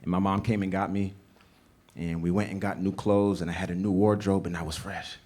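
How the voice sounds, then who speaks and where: A man's voice: low voice, flat delivery, fairly quick, darkish tone. A young man telling a personal story on a small theater stage, with an earnest, rhythmic delivery. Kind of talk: live storytelling.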